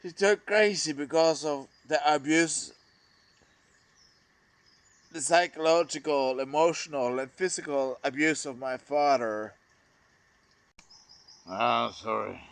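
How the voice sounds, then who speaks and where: A man speaks slowly in a halting monologue, letting his sentences trail off. His voice sits a little high and carries a gravelly fry. The recording is close and dry. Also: no echo. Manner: halting, trailing off, addressing a lost brother. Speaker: vlogger. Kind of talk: emotional monologue to camera.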